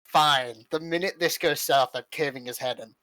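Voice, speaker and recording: Gruff, impatient player, mid-pitched, casual. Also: normal speed, pushed and bright, dry recording. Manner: blunt and impatient. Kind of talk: casual tabletop game play.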